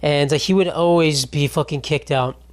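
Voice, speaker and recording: A man's voice: on the high side, fairly even intonation, normal speed. Rambling, profane young man podcasting. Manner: rambling, profane, self-mocking. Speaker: podcast host. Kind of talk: casual solo podcast chat.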